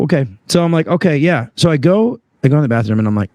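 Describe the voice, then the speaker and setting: A man's voice: quick pace, few pauses, no room sound. A man telling a story casually on a podcast, acting out the people in it with big jumps in his voice. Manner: animated, acts out voices with big pitch jumps. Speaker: HVAC sales rep telling a story.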